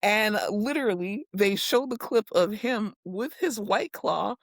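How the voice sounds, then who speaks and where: A woman co-hosting a podcast in casual chat, animated and laughing, swearing freely and acting out quotes. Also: mid-range voice, unhurried, no echo, clean studio sound. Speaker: podcast co-host. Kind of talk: casual chat recapping reality TV.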